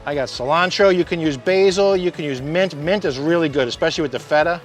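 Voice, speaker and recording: A man's voice: a little high, quick pace, faint music behind. A man hosting a grilling show, talking viewers through a recipe in an upbeat, chatty way. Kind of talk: cooking demonstration to camera.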